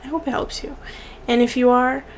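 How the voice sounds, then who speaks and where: A woman's voice: high-pitched, level tone, fairly quick, slight background noise. A young woman vlogger speaking earnestly to the camera, repeating words for emphasis, at times tearful. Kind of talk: heartfelt direct-to-camera encouragement.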